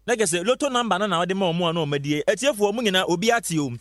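Fast-talking high-voiced man. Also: lively intonation, a bit bright, dry recording, clean studio sound. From Ghana. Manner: fast, insistent, repeating phrases. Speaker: radio presenter. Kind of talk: hyped radio advert pitch.

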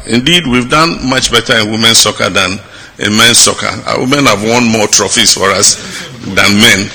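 A middle-aged man with a Ghanaian accent giving a public speech, measured and halting with fillers, turning emphatic. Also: on the low side, pushed and bright, a faint crowd, a little hiss or hum. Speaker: head of state giving a speech.

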